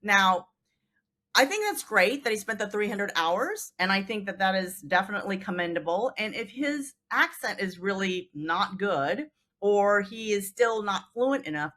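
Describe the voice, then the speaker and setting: A woman hosts an interview in a conversational way, and her voice is bright and clear. She explains her points with animation and slips into short acted-out quotes to make them land. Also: mid-range voice, sing-song, moderate pace. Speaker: podcast host, mediator.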